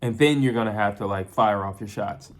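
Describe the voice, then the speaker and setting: A man's voice: on the low side, a little fast. A man giving a casual boxing fight breakdown, chatty, with frequent fillers and restarts. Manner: chatty, repeats and restarts often, uses filler like "you know". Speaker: boxing commentator.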